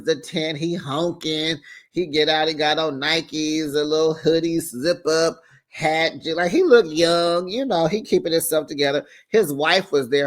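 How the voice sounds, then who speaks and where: Sassy woman recapping, full of laughs. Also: lowish voice. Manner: animated, sassy, laughs often, acts out the people she quotes. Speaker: recap host. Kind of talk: casual reality-TV recap, acting out the scenes.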